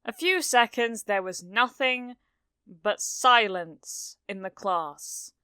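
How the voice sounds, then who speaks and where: A woman's voice: medium pitch, slow pace, sharp tone, clean tone, dry recording, clean studio sound. A woman reading a fan-written story aloud, giving each character a slightly different voice. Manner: reads each character in a lightly changed voice. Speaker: fanfiction reader.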